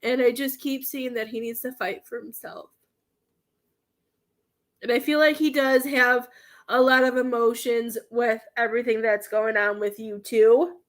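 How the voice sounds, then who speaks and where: A woman giving a spiritual reading in a casual, halting way, repeating herself and fighting back tears. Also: a little high, steady tone. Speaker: psychic medium giving a reading.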